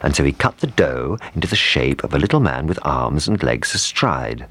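Very deep-voiced male storyteller. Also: sing-song, normal speed, a bit bright, breathy edge, no echo. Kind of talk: fairy tale read aloud.

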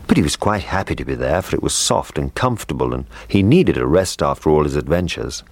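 A man reading a children's story aloud, slow, gentle and measured. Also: a bass voice, big pitch swings, no echo.

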